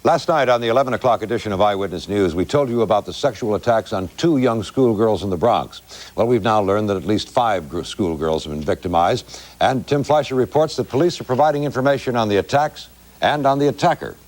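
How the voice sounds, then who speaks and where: A male TV news anchor reading headlines in a brisk, grave manner. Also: lowish voice, animated, a little mellow, poor audio.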